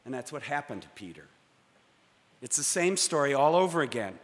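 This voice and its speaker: A man preaching a sermon from the pulpit, measured and dramatic, with pauses for effect. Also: medium pitch, very animated. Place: church sanctuary. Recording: long church reverb.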